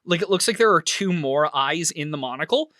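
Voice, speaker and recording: A man narrating a tabletop role-play game as game master, animated and laughing often. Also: on the high side, a little fast, no room sound, clean studio sound.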